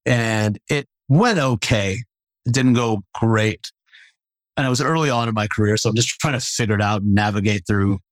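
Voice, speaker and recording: A man who is a stand-up comedian, telling stories in a casual conversation. He talks in an animated way, laughing and acting out the voices of the people he quotes. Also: lowish voice, moderate pace, no room sound.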